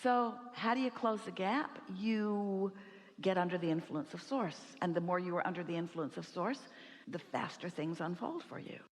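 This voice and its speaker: A woman's voice: on the low side, moderate pace. A woman giving an inspirational talk to a seminar audience, speaking as a collective "we" in an emphatic, rhetorical way. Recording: hall reverb, live event.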